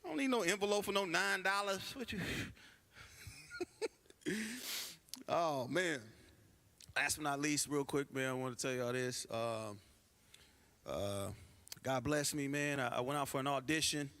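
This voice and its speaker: A man doing a stand-up comedy routine with animated storytelling, acting out the voices of other people. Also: a little high, unhurried, pauses often. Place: church stage before a live audience.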